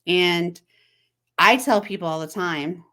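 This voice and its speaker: Chatty woman with a lowish voice, talking straight to the viewer. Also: slow, bright, forceful tone. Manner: conversational, asks the viewer rhetorical questions; acts out text messages in quoted voices. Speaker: host. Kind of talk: casual chat to camera.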